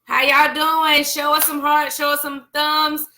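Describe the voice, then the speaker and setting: Woman, casual live-stream host, teasing, calls viewers by name, high-pitched. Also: little pitch movement, a little slow, pushed and bright, a little hiss or hum. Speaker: co-host of a church Facebook Live show.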